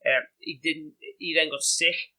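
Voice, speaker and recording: A man with a Liverpool Scouse accent, a podcast guest telling animated, chatty stories with lots of "you know" and "like". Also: a little high, unhurried, poor audio. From England. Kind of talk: casual anecdotal storytelling.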